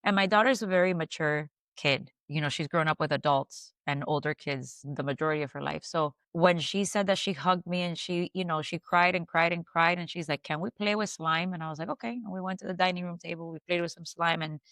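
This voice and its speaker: A woman in her thirties, a podcast guest, recounting a personal loss in a halting way, restarts and soft fillers. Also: lowish voice, dry recording. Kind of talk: emotional personal storytelling.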